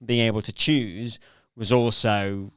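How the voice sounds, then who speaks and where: A man's voice: lowish voice, fairly even intonation, unhurried, a bit bright, clear, resonant tone, no echo, studio quality. A man talking in casual podcast chat, rambling and self-mocking as he tells stories.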